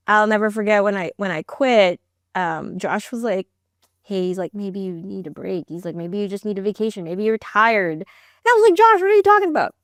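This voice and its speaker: Female guest, founder, middle pitch, lively storyteller who acts out dialogue, dry close sound. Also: clean tone, dry recording. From immigrated to the United States. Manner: animated, acts out quoted dialogue with big pitch jumps. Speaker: podcast guest, startup founder. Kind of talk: personal storytelling in an interview.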